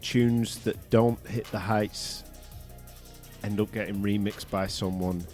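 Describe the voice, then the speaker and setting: Low-voiced sweary man. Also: fairly even intonation, takes it slowly, darkish tone, faint music behind. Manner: enthusiastic, sweary. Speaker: podcast co-host. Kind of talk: casual chat about music.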